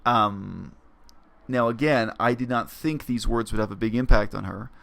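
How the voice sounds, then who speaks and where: A man with a gravelly, creaky voice, speaking at a middle pitch. He talks his way through the story in a reflective, explanatory vlog monologue, pausing often with fillers. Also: steady tone, a bit bright. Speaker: vlogger. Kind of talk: casual spoken monologue.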